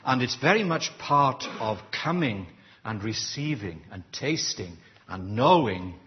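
Slow, deliberate preacher. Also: male voice, mid-range voice, expressive, highs cut off. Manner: quizzes the congregation with questions, slow and deliberate. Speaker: preacher leading a church service. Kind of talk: interactive sermon.

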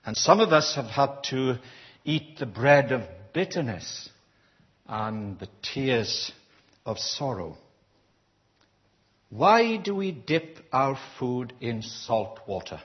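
Man, preacher, interactive sermon, unhurried delivery, muffled lo-fi capture. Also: mid-range voice, very animated. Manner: quizzes the congregation with questions, slow and deliberate. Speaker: preacher leading a church service.

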